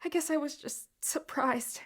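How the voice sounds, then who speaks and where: A woman's voice: high voice, unhurried, voice pushed up. A woman voicing a shaken young woman in an audiobook, with a quavering, wet voice. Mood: sheepish. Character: upset young human woman, tearful and shaken.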